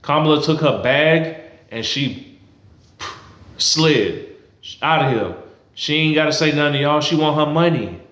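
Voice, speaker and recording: A man's voice: on the high side, animated, a little slow, long pauses, fairly bright tone, echoey room, dull audio. A man giving a heated, blunt and profane political rant to camera, repeating himself for emphasis. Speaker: political commentary vlogger. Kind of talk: ranting to camera.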